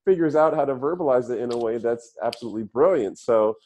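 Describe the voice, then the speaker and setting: An enthusiastic man recounts a comedy routine in casual chat and laughs often between lines. His voice is warm and mellow, while his pitch rises and falls in a lively way. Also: fast.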